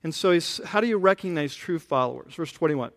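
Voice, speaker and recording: A pastor giving a conversational sermon, often asking the congregation questions. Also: male voice, fairly high pitch, lively intonation, a little fast, a bit bright. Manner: casual, asks the congregation questions.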